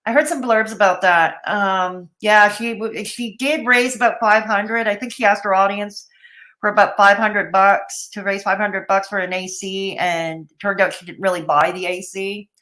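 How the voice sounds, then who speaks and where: A woman's voice: mid-range voice, fairly even intonation, moderate pace, sharp tone. A woman hosting a casual livestream, blunt and opinionated, greeting chat viewers by name between comments. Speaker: livestream host.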